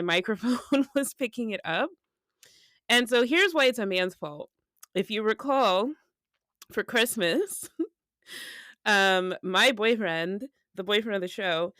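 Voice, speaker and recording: A woman's voice: medium pitch, clear, resonant tone, no echo. A woman in her thirties co-hosting a podcast, chatting casually and laughing often as she tells stories. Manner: giggly, animated storytelling. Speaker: podcast co-host. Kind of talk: casual chat.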